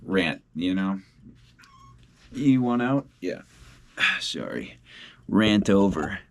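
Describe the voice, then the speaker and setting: A man's voice: deep voice, lively intonation, very slow. A young man in a casual video diary, talking bluntly and swearing a lot. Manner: blunt and heavily profane. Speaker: independent musician. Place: at home.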